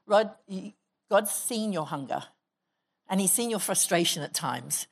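A woman's voice: mid-range voice, animated, a little slow, gravelly, husky. A woman pastor preaching a sermon in church, exhorting the congregation and leading them in prayer. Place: church hall.

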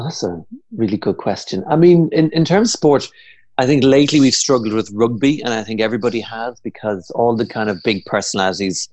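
A man's voice: lowish voice, darkish tone, no echo. A man, an impressionist guest, chatting casually and rambling with many fillers and restarts. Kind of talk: casual chat.

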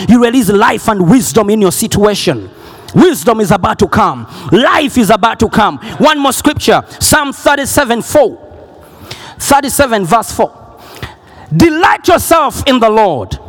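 A man preaching a sermon, emphatic and repetitive, often shouting key lines. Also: high-pitched, slightly rough, in a large hall.

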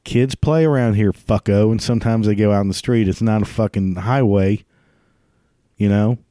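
Low, mellow-voiced man, crude swearing comedic ranter, dry close recording. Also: normal speed, no room sound. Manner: crude, swears constantly, laughs at his own jokes. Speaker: ranting commentator. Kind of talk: profane comedic rant.

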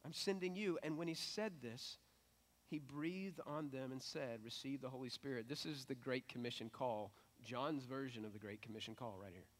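A middle-aged male pastor giving a sermon in a conversational, animated way that builds to emphatic peaks. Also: medium pitch, moderate pace.

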